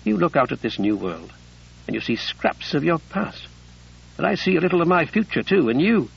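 Earnest, curious 19th-century gentleman read by a male narrator; gravelly tone, slightly dull lo-fi audio. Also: on the high side, very animated, normal speed, distant mic, full character voice.

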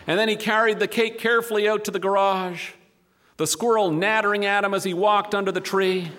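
A man's voice: sits high, fairly even intonation, brisk, a bit bright. A man telling a humorous story to a live audience, with wry asides. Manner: wry, dry comic delivery with asides.

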